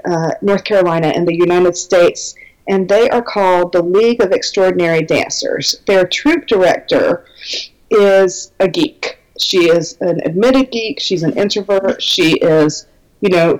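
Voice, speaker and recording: A woman's voice: fairly low pitch, darkish tone, poor audio. A woman talking as a guest belly dance teacher in a casual conversation, chatty and enthusiastic with many fillers.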